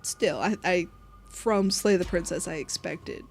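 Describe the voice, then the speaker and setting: A woman's voice: fairly low pitch, a little slow, vocal fry. Giggly young woman streaming a story game. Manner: giggly, playful asides between narration. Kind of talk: reading a story game aloud and chatting. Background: faint background music.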